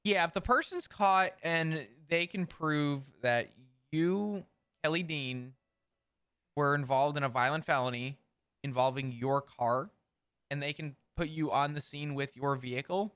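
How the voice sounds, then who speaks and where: A man streaming a roleplay game, chatting in character in an animated way, swearing and explaining at length. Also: fairly high pitch, unhurried, smooth, no room sound. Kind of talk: casual in-character roleplay chat.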